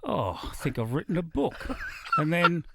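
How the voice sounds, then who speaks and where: A man's voice: a little high, very animated, moderate pace, creaky, background noise. Laconic Australian man spinning yarns. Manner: laconic, dry yarn-spinning. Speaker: musician guest. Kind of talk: casual radio interview, storytelling.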